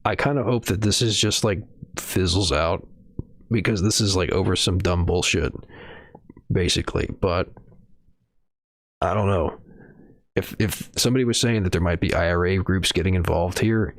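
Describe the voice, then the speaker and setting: A man with a low voice drifts through casual stream commentary, hedging, swearing and trailing off into fillers. His voice is close and dry, recorded at a desk mic in a small home room. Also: normal speed, long pauses, dry recording. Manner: rambling, profane, hedging with fillers. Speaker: streamer reading news.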